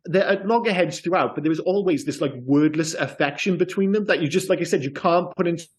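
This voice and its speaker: A man in casual podcast chat with a voice pitched a little above the usual. He sounds enthusiastic and rambles eagerly, stacking asides as he goes. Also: fast talker. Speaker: podcast co-host.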